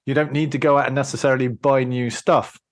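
A British-accented man hosts a podcast interview and lays out his views in a thoughtful, explanatory way. His voice sits at a medium pitch. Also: little pitch movement, quick pace. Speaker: podcast host. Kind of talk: casual interview talk.

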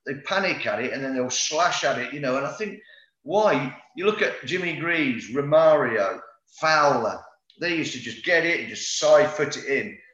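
A man's voice: on the high side, lively intonation, moderate pace, fairly bright tone. A middle-aged man, a former footballer telling rambling anecdotes in a casual interview, full of fillers and restarts. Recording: roomy, slightly dull sound.

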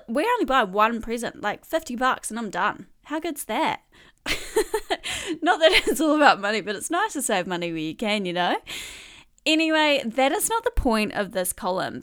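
A young woman riffs through a comedic column. Her voice sits a little high, and she drifts into rambling asides, laughing as she goes. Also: a bit bright. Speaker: podcast host reading her column. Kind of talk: casual comedic monologue.

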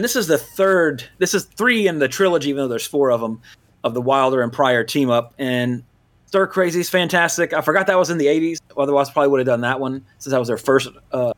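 A man's voice: medium pitch, lively intonation, fast, a bit bright. Rambling man hosting a movie podcast. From Louisiana. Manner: rambling, filler-heavy, self-correcting. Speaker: podcast host. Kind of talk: casual movie podcast chat.

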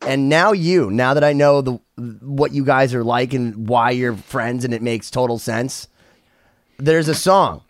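A man's voice: mid-range voice, measured pace, no room sound. A man hosting a podcast in casual chat, telling stories with jokes and plenty of swearing. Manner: animated storyteller, swears freely, jokey tangents. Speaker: podcast host.

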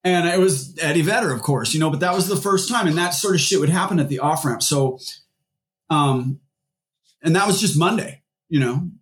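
Speaking at normal speed in a fairly high voice, a musician guest from around Seattle talks loosely in an interview. His stories ramble, broken up by many fillers and restarts.

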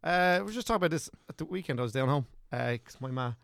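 A man's voice: on the high side, expressive, very fast, vocal fry, fairly bright tone, clean tone, no room sound, studio quality. A young Irish man chatting casually as a podcast guest, rambling and correcting himself as he goes.

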